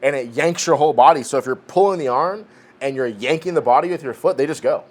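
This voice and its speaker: In a casual podcast chat, a man in his forties who co-hosts the show tells a training story in a slightly high voice at a quick clip. He swears freely and keeps restarting his sentences.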